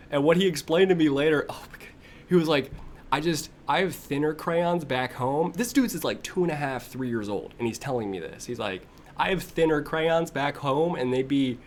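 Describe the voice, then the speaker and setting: Young male streamer, casual chat, animated delivery with faint room noise; mid-pitched. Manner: animated storyteller, imitates kids in a high voice, laughs often. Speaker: livestream host.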